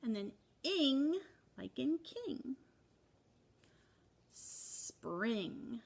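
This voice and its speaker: Teacher, female, higher voice, slow and patient with little kids, sounds out each word. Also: animated, a bit bright. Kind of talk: remote spelling lesson for young children.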